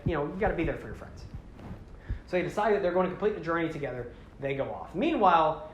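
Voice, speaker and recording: A man with a fairly high voice recaps a film plot in loose, rambling fashion, stopping to fix his own mistakes. He acts out the characters with sudden loud bursts. The sound is roomy, with a faint hiss behind it. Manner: rambling, self-correcting, acts out quotes with sudden loud outbursts. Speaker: podcast host. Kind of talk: casual retelling of a movie plot. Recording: roomy echo with faint background noise.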